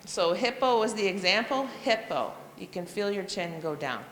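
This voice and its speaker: A woman teacher walks colleagues through a phonics sequence, spelling out letters and sounding out chunks in an even, explanatory way. Her voice sits at a middle pitch for a woman. The room lends her a long, trailing reverb, like a hall. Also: normal speed, a little hiss or hum. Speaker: reading teacher. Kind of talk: professional development talk to teachers.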